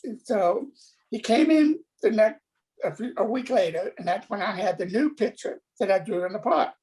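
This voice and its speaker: A middle-aged man telling a personal story in a halting way, acting out the voices of the people in it. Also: sits high, lively intonation, darkish tone, rough recording. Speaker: guest.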